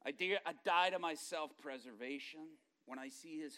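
A middle-aged man preaches with a bright, ringing voice pitched a little high. He tells stories casually, then drops to near whispers or climbs to loud, impassioned peaks. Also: normal speed, few pauses. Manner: storytelling, swings from hushed murmurs to loud impassioned outbursts. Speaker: pastor. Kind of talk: sermon.

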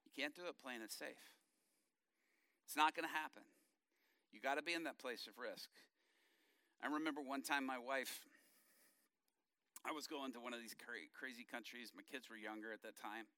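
A middle-aged male pastor preaching a sermon, telling stories in an animated way and acting out the quotes. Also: mid-range voice, normal speed, long pauses, dry recording, clean studio sound.

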